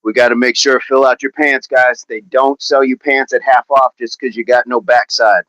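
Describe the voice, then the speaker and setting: A man's voice: medium pitch, little pitch movement, moderate pace, a bit bright. A chatty man hosts a daily fitness livestream, reading viewer comments aloud as he stretches. His voice sits in an ordinary middle range. The sound is dull and lo-fi, with no room echo. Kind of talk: casual livestream chat while stretching.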